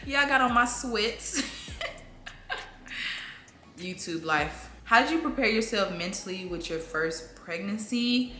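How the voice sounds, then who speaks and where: A young woman vlogger answering viewers' parenting questions in a casual sit-down chat, laughing often and breaking into lively, high voices when she acts out talking to her toddler. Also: moderate pace, hardly any pauses. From southern United States. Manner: chatty, laughs often, lively acted-out baby-talk bursts. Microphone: camera mic. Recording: echoey room, faint room noise.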